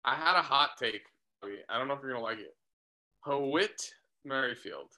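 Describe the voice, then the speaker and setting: A man co-hosting a casual baseball podcast, joking and throwing out quick hot takes. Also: mid-range voice, animated, bright, forceful tone. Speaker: co-host.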